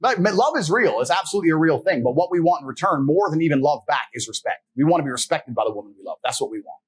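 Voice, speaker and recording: Man, husky, fast-paced, blunt, profane, casual interview storytelling, slightly high voice. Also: lively intonation. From England. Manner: blunt and profane, acts out quoted people. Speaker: interview guest.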